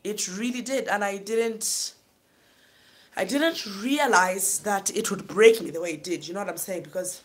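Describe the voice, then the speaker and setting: A woman's voice: mid-range voice, moderate pace. Emotional woman telling her story. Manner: emotional, keeps saying "you know what I'm saying". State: tearful at times. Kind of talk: personal storytelling.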